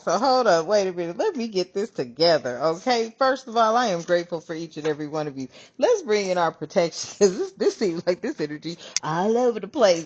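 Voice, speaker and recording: A woman's voice: medium pitch, lively intonation, a little fast, few pauses. A woman hosting a casual spiritual reading channel, chatty and swearing freely as she talks to her viewers as family. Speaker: tarot reader. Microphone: camera on her hands. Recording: dull lo-fi sound.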